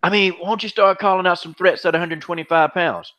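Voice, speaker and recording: Quick-paced and high-pitched, a man's voice carries a steady yet sharp tone as he hosts a heated, casual MMA podcast. He mocks, repeats himself, and swears without holding back, in dull lo-fi audio.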